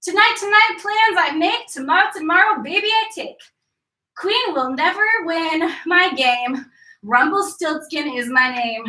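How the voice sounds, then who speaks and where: A woman's voice: sits high, animated, measured pace, pauses often, bright, forceful tone, echoey room, recorded from a distance, heavily acted, rough recording. A woman voicing a sly male imp in a told fairy tale, teasing in a singsong rhyme.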